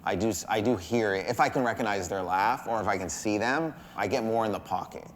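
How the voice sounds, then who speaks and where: A man with a deep, low voice reflects on his comedy in a sit-down interview. He speaks calmly and loosely, full of "like" and "you know." A faint hum sits behind him. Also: fairly quick. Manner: relaxed, thoughtful, many fillers. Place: quiet interview setting.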